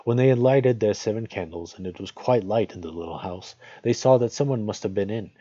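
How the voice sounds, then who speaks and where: A man reading a fairy tale aloud at a measured, unhurried pace, as host of a regular reading. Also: fairly low pitch, warm tone, slightly rough, no echo, dull audio.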